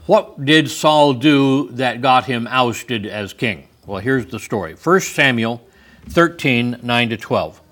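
A man's voice: medium pitch, expressive, slow pace, fairly bright tone. A man preaching a sermon who reads scripture aloud and comments on it with wry humor.

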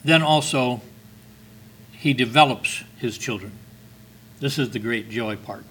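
A man's voice: mid-range voice, a little slow, a bit bright, slight background noise, poor audio. An older man preaching a sermon, reading scripture with earnest, emphatic stresses.

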